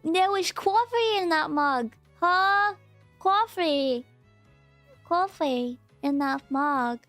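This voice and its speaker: Playful vtuber lady, high voice, slow easy talk, faint music behind. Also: lively intonation, a bit bright. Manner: playful, mock-scolding chat with sudden squeaky outbursts. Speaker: VTuber streamer. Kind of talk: casual stream chat.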